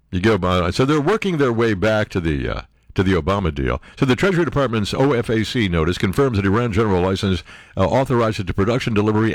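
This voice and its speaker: A man's voice: mid-range voice, a bit bright, no echo, clean studio sound. Sarcastic older man mocking the news. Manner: mocking, acts out silly voices for quoted people. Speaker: political commentary host.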